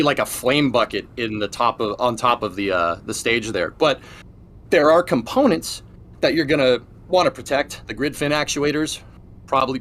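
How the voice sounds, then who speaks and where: A man co-hosting a livestream, working through rocket staging with lots of stops, fillers and restarts. His pitch sits in an ordinary middle range. A faint hiss of noise runs under the voice. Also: a bit bright. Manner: explains with many restarts and fillers. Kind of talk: casual technical chat.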